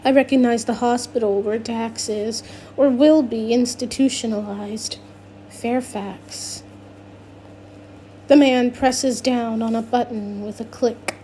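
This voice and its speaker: A woman's voice: a little high, fairly even intonation, slow pace, mellow, slight background noise. A woman narrating a first-person novel, reading with frequent restarts and self-corrections. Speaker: audiobook narrator.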